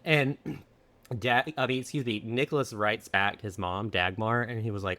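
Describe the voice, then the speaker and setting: A man's voice: fairly low pitch, fairly even intonation, moderate pace, sharp tone. A man co-hosting a casual history podcast, telling the story with jokes, laughter and acted-out quotes. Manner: jokey storytelling, laughs often, acts out quotes. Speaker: podcast co-host.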